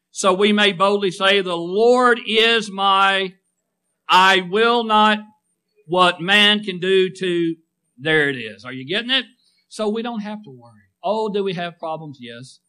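A man's voice: a little high, sharp tone. A man preaching a sermon, calling for amens and drawing responses from the congregation with rising and falling emphasis.

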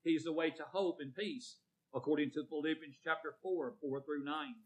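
A preacher man delivers a sermon with a bright, forceful edge in a slightly high voice. He calls on his congregation by name and asks for amens, swelling loud on key words before dropping almost to a murmur. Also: poor audio. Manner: swells loud on emphasis, drops to near murmur. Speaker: pastor.

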